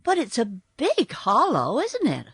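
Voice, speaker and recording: A woman voicing a cheerful, plucky young girl in a storybook reading, higher than her narration. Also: huge pitch swings, unhurried, husky, no room sound, studio quality, heavily acted. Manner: bright and reassuring.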